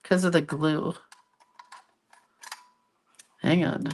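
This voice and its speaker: A woman's voice: low-pitched, little pitch movement, very slow, darkish tone, a little hiss or hum. A middle-aged woman chatting casually to viewers while she works on a craft project, chatty and self-deprecating. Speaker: craft vlogger.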